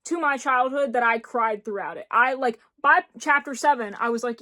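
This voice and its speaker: A woman's voice: a little high, normal speed, few pauses, pushed and bright. A woman in her twenties from rural Tennessee with an Appalachian accent, gushing in a casual book review chat. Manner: gushing, enthusiastic, emphatic repetition. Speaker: book vlogger.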